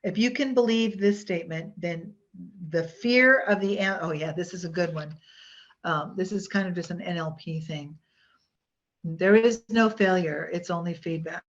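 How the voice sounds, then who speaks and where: A woman's voice: fairly low pitch, normal speed. A woman presenting a hypnosis workshop in a chatty, rambling way, with many fillers and restarts. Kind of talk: casual workshop teaching. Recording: dull lo-fi online workshop audio.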